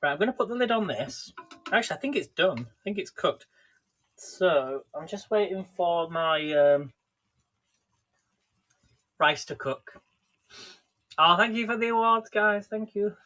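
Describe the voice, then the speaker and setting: A man's voice: high-pitched, expressive, unhurried, pauses often, pushed and bright. Chatty man hosting a live cooking stream. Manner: rambling, chatty, addresses viewers by name. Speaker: livestream host. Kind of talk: casual live cooking chat.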